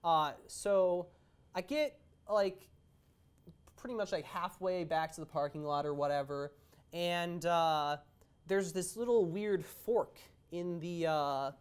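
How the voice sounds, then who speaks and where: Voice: medium pitch, takes it slowly, smooth. A young adult co-host telling a story in a casual chat, meandering and stop-start, with frequent hesitations.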